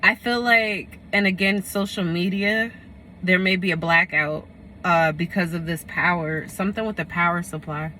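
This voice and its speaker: A woman's voice: fairly low pitch, steady tone, moderate pace, pushed and bright, a little hiss or hum. A woman giving a casual tarot reading, rambling and correcting herself as she talks. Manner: rambling, full of fillers and self-corrections. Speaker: tarot reader.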